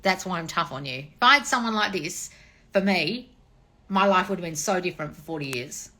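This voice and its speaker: A woman in her forties, a dating and manifestation coach, chatting casually on a livestream with blunt, profane tough love and swooping high replies. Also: expressive, fairly quick, pushed and bright. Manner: sweeping high "oh wonderful, darling" replies. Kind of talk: casual livestream chat reading comments.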